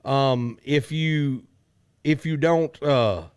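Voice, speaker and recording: A man hosts a podcast in a laid-back, joking way, with a voice of middle pitch. The recording is close and dry, with no room sound. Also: drawn-out words, a little mellow, clear, resonant tone, no room sound. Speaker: podcast host. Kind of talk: casual podcast chat.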